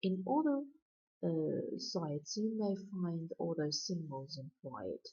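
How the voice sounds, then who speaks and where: A woman lecturer explaining poetic meter in a slow, deliberate way, chanting out stress patterns. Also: low-pitched, expressive, dark tone, slightly rough. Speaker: university lecturer. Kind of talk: recorded poetry lecture. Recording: dull lo-fi recording.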